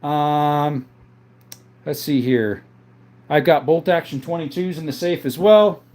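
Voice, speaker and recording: Higher-voiced man hosting a casual live chat. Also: slow pace. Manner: relaxed, reads chat names aloud and chats back; calls viewers brother. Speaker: livestream host answering viewer chat. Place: home, in front of a counter.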